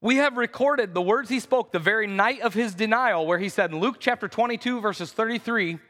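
A pastor preaching a conversational sermon in a church, acting out the quotes in voices. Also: male voice, high-pitched, brisk, sharp tone. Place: church sanctuary. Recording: reverberant church hall.

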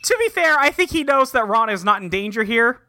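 A podcast co-host with a very high, pushed, bright voice recaps an episode with his partner, talking animatedly and a little fast. He rambles through it with lots of ums, acting out the characters' lines. The recording is dry.

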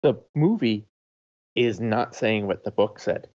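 A man's voice: fairly low pitch, measured pace, a little mellow. A man co-hosting a podcast, chatting casually about a film, rambling a little and hedging as he talks. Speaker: podcast co-host. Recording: dull lo-fi mic.

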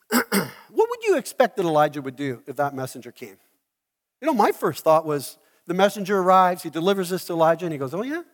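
A man preaching a sermon as a pastor, telling the story in an animated way and acting out the scenes. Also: fairly high pitch, long reverb tail. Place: church hall.

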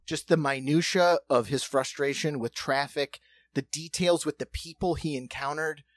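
A man telling a long story on a podcast in a lively, animated way, acting out other people's voices and laughing often. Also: on the high side, normal speed, dry recording. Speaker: podcast co-host. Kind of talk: casual storytelling chat.

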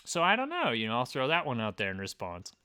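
A man's voice: mid-range voice, huge pitch swings, fast talker, bright, forceful tone, smooth. A man co-hosting a podcast, chatting casually and reading out reports in a playful, teasing way. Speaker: podcast co-host.

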